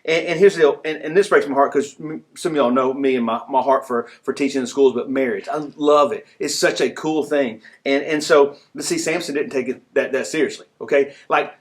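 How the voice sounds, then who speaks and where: A man preaching a sermon in a conversational style, acting out characters in quick asides. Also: medium pitch. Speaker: pastor.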